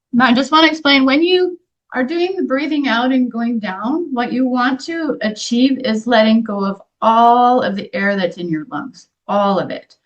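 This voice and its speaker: A woman in her fifties leading a guided group workshop, speaking in a gentle, earnest way with frequent restarts. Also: a little high. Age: 50s. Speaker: energy healing workshop leader. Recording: dull lo-fi recording.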